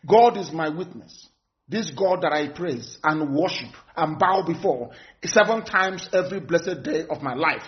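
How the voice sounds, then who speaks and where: A man's voice: a little high, lively intonation, a little slow. A Nigerian man giving a fiery, scornful political broadcast, repeating phrases for emphasis. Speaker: activist addressing followers. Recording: dull lo-fi recording.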